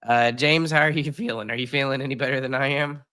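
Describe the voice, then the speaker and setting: A man's voice: mid-range voice, steady tone, fast, pushed and bright, clear, resonant tone. A man hosting a casual sports podcast while sick and congested, rambling with lots of fillers and self-deprecating jokes. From United States. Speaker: podcast host.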